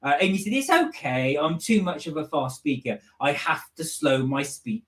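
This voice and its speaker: A man's voice: a little high, sing-song, normal speed, a bit bright, echoey room. A man co-hosting a live stream, casually reading out viewer comments and chatting about them. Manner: easygoing, reads out viewer comments. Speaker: co-host reading out live chat. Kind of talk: casual chat.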